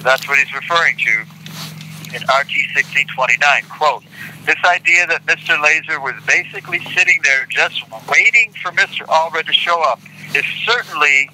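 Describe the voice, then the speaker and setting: Older man with a very bright voice. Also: fairly high pitch, slight background noise, low-quality recording. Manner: deliberate, indignant, repeats quotes for emphasis. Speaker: interview guest. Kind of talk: reading court transcript quotes aloud.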